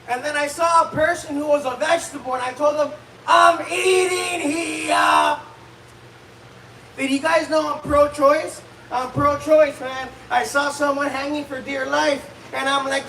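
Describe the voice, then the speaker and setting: A man doing a stand-up set, shouting crude dark one-liners at a comedy club open mic. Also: very high-pitched, creaky, slight background noise. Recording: echoey club, recorded from far off.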